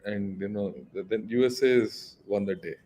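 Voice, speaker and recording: A man's voice: fairly low pitch, steady tone, normal speed, mellow. An older man, a retired general, giving analysis in a casual talk with a lecturing, emphatic manner and many fillers. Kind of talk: casual discussion.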